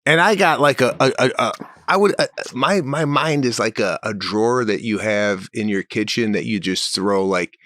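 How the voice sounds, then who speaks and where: A middle-aged man co-hosting a podcast, telling stories in casual chat and working himself into animated rants. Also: normal speed, hardly any pauses, no echo, studio quality. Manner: animated storytelling, rants with rising pitch. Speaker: podcast co-host.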